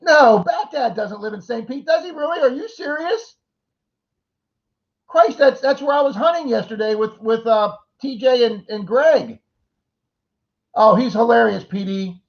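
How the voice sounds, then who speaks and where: A man's voice: very high voice, a little slow. A middle-aged man hosting a casual livestream chat, greeting viewers by name and rambling through jokey asides. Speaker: livestream host. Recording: dull lo-fi stream audio.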